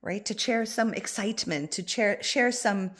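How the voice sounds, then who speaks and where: A woman spiritual coach giving gentle, reassuring advice to an online group and calling listeners by endearments. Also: medium pitch, moderate pace.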